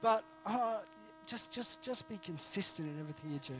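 A man's voice: sits high, animated, moderate pace, a bit bright, faint music behind. A man preaching a conversational sermon, earnest and jokey, often restarting his sentences.

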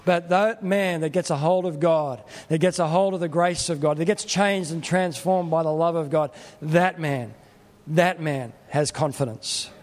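A man's voice: fairly high pitch, measured pace, a little mellow, big-room sound. A middle-aged man preaching a sermon in a plain-spoken, earnest, conversational way. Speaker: pastor.

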